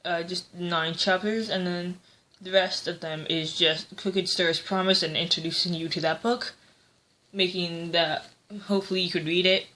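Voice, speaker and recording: A woman's voice: fairly low pitch, bright, forceful tone. A woman giving a casual, rambling book review, hesitant and full of fillers.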